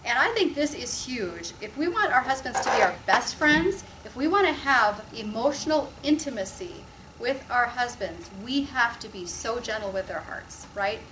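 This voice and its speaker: A woman hosting a casual faith-based chat, gentle and earnest, laughing through her stories. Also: a little high, lively intonation, moderate pace, recorded from a distance, noisy background.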